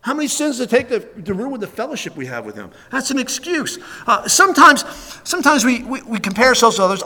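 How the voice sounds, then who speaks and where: Man pastor, high voice, emphatic repetitive sermon delivery, long hall reverb. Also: pushed and bright. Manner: emphatic, repetitive preaching with fillers.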